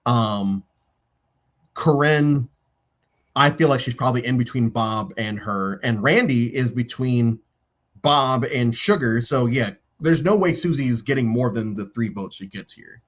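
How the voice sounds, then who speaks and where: A man hosting a live stream in casual chat on a video call. He talks in an animated way and acts out quoted lines in different voices. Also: mid-range voice, a little slow, highs cut off. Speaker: stream host.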